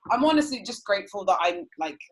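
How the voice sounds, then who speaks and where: A woman in her twenties, a guest on a podcast call, speaking softly and earnestly with lots of fillers. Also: medium pitch, sing-song, quick pace, rough recording. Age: 20s. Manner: soft-spoken, filler-heavy, earnest. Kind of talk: casual group chat on a call. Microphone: video call.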